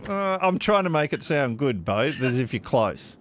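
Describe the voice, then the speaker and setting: A man's voice: medium pitch, very animated, moderate pace, hardly any pauses, soft background music. A man hosting a radio quiz, chatting casually with callers in a self-deprecating way and laughing often. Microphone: studio microphone.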